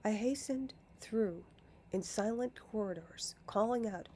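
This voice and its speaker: A woman reading a storybook aloud in a deliberate way, often dropping into a hushed whisper. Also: mid-range voice. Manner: slow, deliberate, often slipping into a hush. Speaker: narrator.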